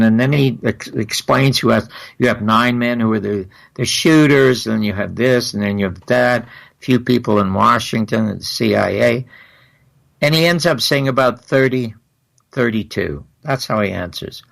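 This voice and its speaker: An older man with a gravelly, crackling voice, speaking as an interview guest. He tells long stories at a middle pitch and slips into lively acted-out dialogue. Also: normal speed. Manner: animated, acts out quoted exchanges.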